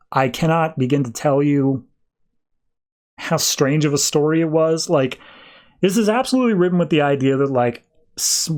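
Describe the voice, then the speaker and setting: A man's voice: mid-range voice, a little mellow. A male podcast host casually recapping a comic book, rambling as he tells the story and acts out the characters' lines. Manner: rambling storytelling, acting out quotes.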